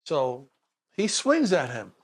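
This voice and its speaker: High-voiced new york guy, ex-cop, telling street stories in a chat, acts out every quote. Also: slow pace, slightly rough. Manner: animated storyteller acting out quotes with laughs. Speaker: guest, former police detective. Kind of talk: casual storytelling interview.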